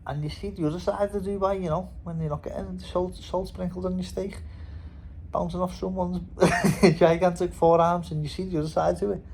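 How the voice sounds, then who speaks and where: Scouse lad boxer rambling to camera, bit high-pitched, swears a lot, faint hum behind. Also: male voice, fairly even intonation, normal speed, vocal fry, a little mellow, low-quality recording. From Liverpool, England. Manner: rambling, swears and laughs often. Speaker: boxer and vlogger. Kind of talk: casual vlog monologue.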